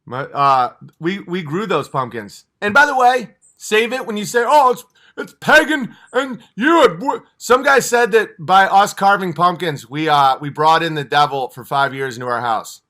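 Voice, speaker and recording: A man's voice: on the high side, lively intonation, normal speed, few pauses, bright, forceful tone. A man hosting a livestream, ranting passionately and profanely, rambling from point to point. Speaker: livestream host. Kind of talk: heated livestream rant.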